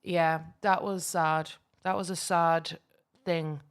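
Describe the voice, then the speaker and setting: A woman's voice: fairly low pitch, flat delivery, slow pace, smooth. An Irish woman co-hosting a podcast in casual chat, rambling along with lots of fillers and restarts. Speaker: podcast co-host.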